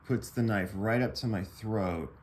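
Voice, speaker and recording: Deep-voiced man telling a rambling story. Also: unhurried, a little mellow. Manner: rambling, profane, lots of fillers and restarts. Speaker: vlogger telling a personal story. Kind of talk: casual storytelling.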